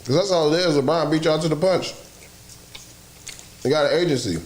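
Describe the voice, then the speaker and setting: A man hosting a casual sports talk show, loud and profane, laughing often as he talks. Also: on the high side, a little fast. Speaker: podcast host. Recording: roomy echo, faint noise.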